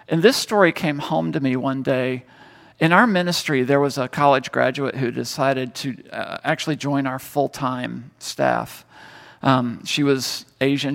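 Gravelly-voiced preacher in a reverberant hall. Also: male voice, medium pitch. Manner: storytelling, swings from loud emphasis to hushed tones. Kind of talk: sermon.

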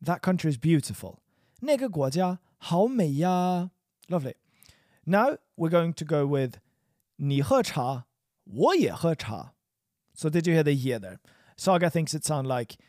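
A man talks through a language lesson in a relaxed, upbeat way, tossing in joking asides. His fairly high voice swings up and down with lively energy. The sound is dry and close, with no room echo. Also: moderate pace. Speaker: language teacher. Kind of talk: casual spoken lesson.

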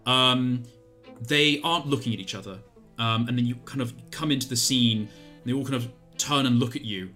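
A man narrating as game master, pausing often with fillers. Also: mid-range voice, bright, forceful tone. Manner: hesitant, filler-heavy. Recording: faint music behind.

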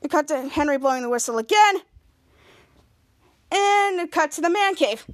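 A woman's voice: high voice, lively intonation, normal speed. A woman hosting a podcast, retelling a TV episode in a rambling way with many restarts and acted-out lines. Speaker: podcast host. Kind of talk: casual episode recap.

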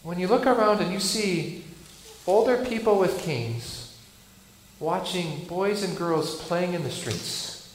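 A man preaching a sermon, earnest, rising loud and dropping soft for emphasis. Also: high voice, slow pace. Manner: earnest, builds and drops volume for emphasis. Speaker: pastor. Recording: echoey hall with faint noise.

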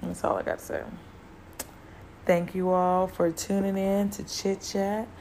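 Her voice is mid-range, gravelly and darkish, with little pitch movement and a measured pace, as a woman hosts a casual solo podcast. Loose and conversational with fillers, she speaks earnestly and repeats key words to encourage listeners, over slight background noise.

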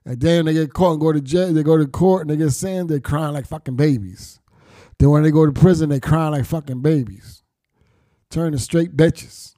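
A man's voice: a little high, normal speed, long pauses, mellow, dry recording, clean studio sound. Blunt, profane middle-aged man. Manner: blunt, profane street slang, reflective. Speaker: storyteller recounting his past. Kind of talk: candid personal storytelling.

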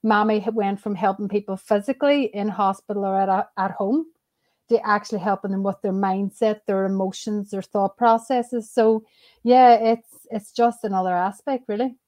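A woman's voice: mid-range voice, fairly even intonation, normal speed. A Northern Irish woman in her thirties, a mindset coach talking cheerfully as a podcast guest. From Northern Ireland. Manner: warm, cheerful, laughs easily. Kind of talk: conversational interview.

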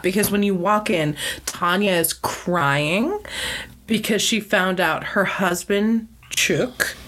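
A woman co-hosting a podcast, talking casually and sarcastically, laughing often. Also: on the low side. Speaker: podcast co-host. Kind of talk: casual chat.

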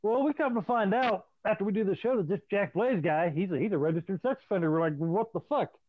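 A man casually swapping profane stories in an animated, storytelling way. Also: high-pitched, fast. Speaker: podcast host. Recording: dry, tinny phone-like line.

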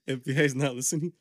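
A man's voice: on the high side, no room sound. A man co-hosting a casual podcast chat, slangy and laughing often, recorded close on a mic. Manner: slangy, laughing, says "fool" and "dude" a lot. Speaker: podcast co-host.

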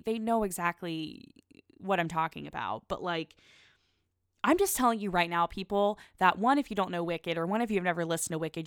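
A woman's voice: lowish voice, clear, resonant tone, no echo, studio quality. A young woman in her twenties chatting casually in a rambling, gushing podcast monologue, full of fillers and restarts.

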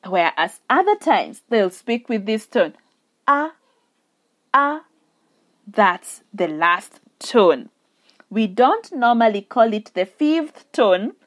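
Very slow, patient woman teacher. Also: a little high. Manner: slow and deliberate, drawing out vowels and tones for demonstration. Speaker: Mandarin language teacher. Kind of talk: slow spoken language lesson.

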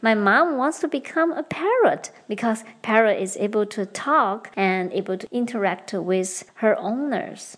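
A young woman hosts a bilingual Chinese lesson, explaining grammar patterns carefully. Her voice sits fairly high and moves animatedly up and down. She switches easily between English and Mandarin and slows down on the example phrases. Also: expressive. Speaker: podcast host and Chinese teacher.

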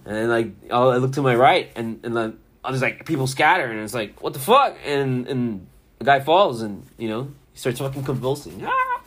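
A Miami-area man in his thirties runs a casual sports podcast, wandering through stories full of swearing. His voice is mid-range and husky at a normal speed, and he tells his tales in a lively, profane way.

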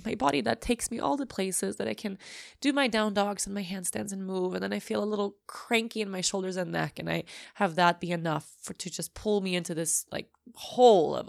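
A woman's voice: medium pitch, normal speed, vocal fry, dry recording, studio quality. A middle-aged woman hosting her own podcast, talking candidly and emotionally, teary from recent crying and swearing freely. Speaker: podcast host. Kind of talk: emotional personal podcast monologue.

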